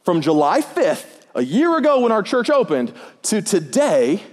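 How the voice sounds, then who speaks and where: Lively high-voiced man preaching. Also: unhurried. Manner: joking, animated storytelling with put-on voices. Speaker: pastor. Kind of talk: sermon. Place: church auditorium. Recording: long hall reverb.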